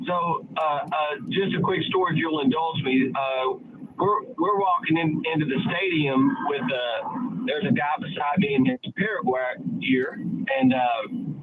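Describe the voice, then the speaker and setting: A man's voice: fairly high pitch, big pitch swings, measured pace, creaky, over a noisy crowd. A male radio caller telling a story in a hesitant way, full of fillers and restarts. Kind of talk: phone-in chat. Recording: tinny phone line with noise.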